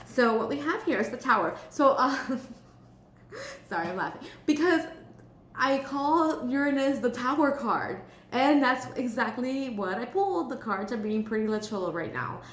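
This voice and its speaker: A woman's voice: high-pitched, expressive, normal speed. A woman giving a casual tarot reading for a star sign. She is chatty and blunt, with casual swearing. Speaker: tarot reader. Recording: echoey room with faint hum.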